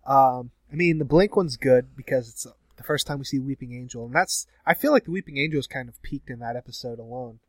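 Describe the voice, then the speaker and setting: A man's voice: medium pitch, quick pace, few pauses, dry recording. Young guy rambling on a podcast, dry close mic, chatty. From United States. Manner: rambling, laughs easily, repeats words. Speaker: podcast co-host. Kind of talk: casual podcast chat.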